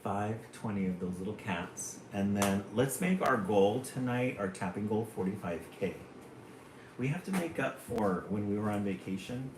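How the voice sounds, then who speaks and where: A man hosting a live stream, reading children's poems aloud in a playful way. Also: lowish voice. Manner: slow, playful, chuckling between poems. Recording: roomy room, faint hum.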